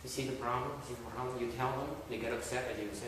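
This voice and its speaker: A man's voice: mid-range voice, steady tone, very fast. A male Buddhist master delivering a sermon in a blunt, scolding way, often checking in with his listeners. He sounds some distance from the mic, and his voice rings out through a big reverberant hall. A faint hum of room noise sits underneath. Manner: blunt and scolding, with rhetorical questions. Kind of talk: dharma talk sermon. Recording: echoey hall from far off.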